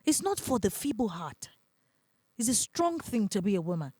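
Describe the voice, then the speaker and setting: A woman with a Nigerian accent speaks as a relationship advisor in a relaxed interview, with a mid-range voice. She tells her points animatedly and with drama, often breaking into laughter, in a dry, close sound. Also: mid-range voice, normal speed, breathy edge, no room sound. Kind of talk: casual podcast interview talk.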